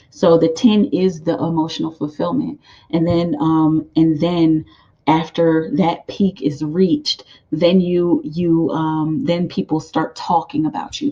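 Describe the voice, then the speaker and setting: A woman giving a casual tarot card reading, rambling and animated, with many fillers and laughs. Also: low-pitched, lo-fi sound.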